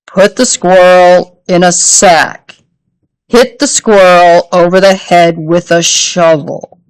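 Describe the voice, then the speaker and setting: A woman voicing an exasperated, bossy mother who speaks slowly and emphatically, spelling things out word by word. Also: lowish voice, steady tone, clean tone. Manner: slow, emphatic, over-enunciated.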